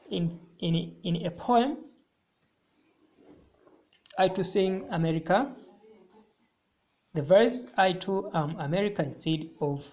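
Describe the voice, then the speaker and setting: A man teaching a recorded literature lesson, explaining slowly and deliberately and repeating phrases for emphasis. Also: fairly high pitch, a little mellow.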